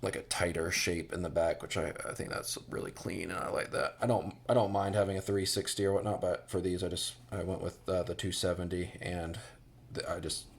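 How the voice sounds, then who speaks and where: A man's voice: deep voice, fairly even intonation, a little fast, creaky. An American man giving a casual boot review, rambling with many fillers and restarts.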